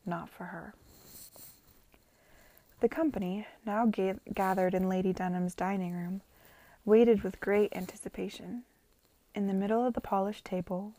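A woman's voice: medium pitch, dark tone. A woman reading a novel aloud to friends, casually, often stumbling over words and correcting herself. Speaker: reader.

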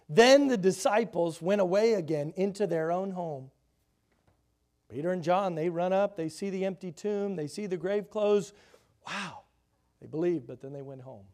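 A man with a high-sitting voice, speaking at normal speed, preaches a sermon. He reads scripture aloud and expounds on it with rhetorical questions, swelling loud for emphasis and then dropping soft.

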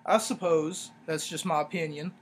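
Man, podcast host, slightly high voice, rambly sarcastic rants, faint hum behind. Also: fairly even intonation, moderate pace. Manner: rambling, ranting, sarcastic, lots of fillers. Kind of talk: casual solo podcast review.

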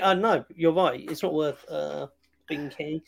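Man with a slightly high, gravelly voice, relaxed podcast co-host. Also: normal speed, a little hiss or hum. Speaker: film review podcast co-host. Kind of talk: casual chat.

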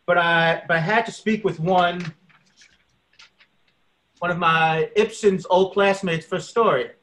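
A man reading the part of a male sports reporter in a casual script read, halting and restarting often. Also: sits high, fairly even intonation, fairly bright tone, rough recording. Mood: pressing.

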